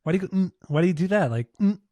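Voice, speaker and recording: A man's voice: sits high, lively intonation, very fast, mellow, dry recording. A man co-hosting a podcast, chatting casually, teasing his co-host and swearing often. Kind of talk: casual chat.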